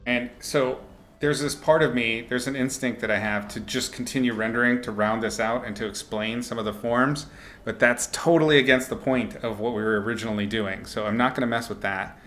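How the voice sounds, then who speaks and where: A young man casually talking through his painting on a live stream, relaxed and chatty, reading out viewers' names and laughing often. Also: medium pitch, a little fast, soft background music. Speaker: artist streaming a painting lesson.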